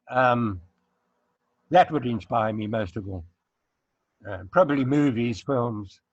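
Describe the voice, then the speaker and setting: A man's voice: medium pitch, dry recording. A man, a former dancer, answering interview questions casually and searching for his words over a video call. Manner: halting, searching for words, chuckling. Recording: dry, dull lo-fi call audio.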